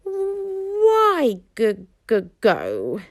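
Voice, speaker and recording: Toothless, a squeaky stubborn little dragon, as a woman puts him on. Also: wildly swooping pitch, drawn-out words, dry recording, studio quality, exaggerated voice. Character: small stubborn whiny male dragon.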